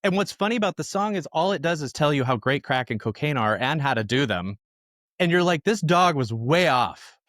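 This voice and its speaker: A man, a musician guest on a podcast, telling lively conversational anecdotes in a casual storytelling style. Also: on the high side, brisk, dry recording, clean studio sound.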